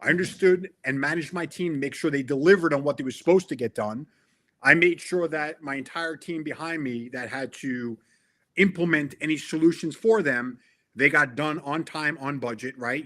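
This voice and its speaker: Middle-aged guy on a podcast interview, kinda high pitched, bright forceful voice, earnest, keeps restarting sentences. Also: moderate pace. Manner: earnest and emphatic, with frequent restarts. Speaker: interview guest, tech sales veteran. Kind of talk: casual interview conversation.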